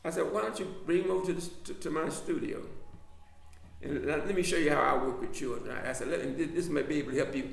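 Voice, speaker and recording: Halting storytelling man, gravelly voice. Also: a little high, roomy sound. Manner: halting, repeats words, chuckles often. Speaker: drama teacher. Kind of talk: anecdotal storytelling.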